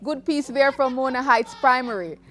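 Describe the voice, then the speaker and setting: High-voiced woman presenter. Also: moderate pace, a bit bright. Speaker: segment host. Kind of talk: scripted presenting.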